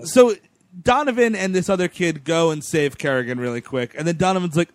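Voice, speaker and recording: A man's voice: fairly high pitch, brisk, no room sound. A man casually recapping a movie plot, joking and retelling scenes with mock quotes and swearing. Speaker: podcast co-host. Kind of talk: casual chat reviewing a movie.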